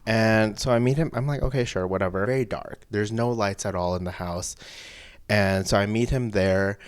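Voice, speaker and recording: A man telling a personal story in casual chat, animated and breaking into laughs. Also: on the low side, normal speed, clear, resonant tone. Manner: animated, laughs between lines, rising into excited outbursts. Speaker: podcast guest telling a story.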